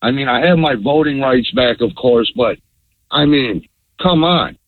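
A middle-aged man calling in to a radio show, earnest and halting, with many fillers. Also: mid-range voice, animated, dry recording. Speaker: radio caller. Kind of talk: call-in question. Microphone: telephone. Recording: tinny phone line.

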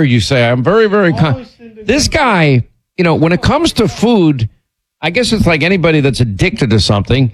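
A middle-aged man hosting a radio show, telling stories in a rambling, animated way and jumping up in pitch when he gets indignant. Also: normal speed. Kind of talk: casual on-air storytelling.

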